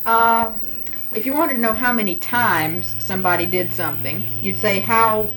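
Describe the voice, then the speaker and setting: A woman's voice: mid-range voice, moderate pace, a bit bright, rough recording. A woman interviewer with a mid-range voice asks patient questions and leaves sentences open for the answer. A faint noise hangs under her voice. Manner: patient, prompting with unfinished sentences. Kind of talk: dialect survey interview.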